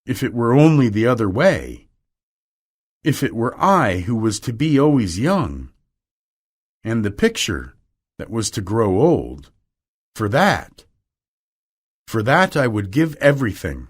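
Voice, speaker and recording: A man's voice: medium pitch, big pitch swings, slow, long pauses, slightly rough, heavily acted. A man reading aloud and voicing a vain young man in despair, speaking in a pleading, emotional way. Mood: anguished.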